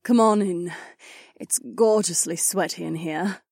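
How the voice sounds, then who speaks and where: A confident, flirty soldier woman, as a man puts her on in an audiobook, lifted well above his own pitch and often drawn out lazily. Her tone is teasing and easygoing, recorded close and dry. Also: unhurried, vocal fry, dry recording, exaggerated voice. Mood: relaxed, coaxing. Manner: teasing, relaxed. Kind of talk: audiobook character voice.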